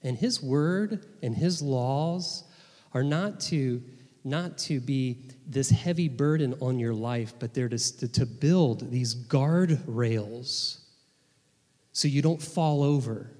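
A man's voice: medium pitch, mellow. Earnest male pastor in a reverberant hall. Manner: earnest, repeats words when restarting. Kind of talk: sermon.

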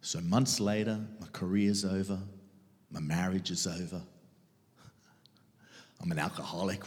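A middle-aged man preaching his testimony dramatically, swinging between loud outbursts and hushed whispers. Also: low-pitched, steady tone, unhurried, long pauses. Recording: long reverb of a large hall.

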